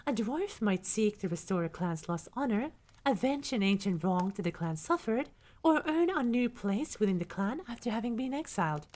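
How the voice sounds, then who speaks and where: A woman's voice: medium pitch, big pitch swings, normal speed. Young woman reading aloud for ASMR. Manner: soft reading that breaks into chatty asides to chat. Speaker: livestreamer.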